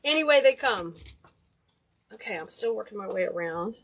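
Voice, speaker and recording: A woman's voice: mid-range voice, expressive, normal speed, gravelly, fairly bright tone, slight background noise. A woman hosting a casual DIY craft tutorial, chatty and enthusiastic, gushing over cute details. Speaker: craft video host.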